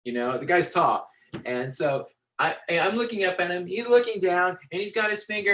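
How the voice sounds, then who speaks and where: A man teaching storytelling to visual artists, animated and rambling with many fillers and restarts, talking into a computer on a video call. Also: high-pitched, moderate pace, rough recording. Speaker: storytelling instructor. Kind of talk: lecture with acted-out anecdote.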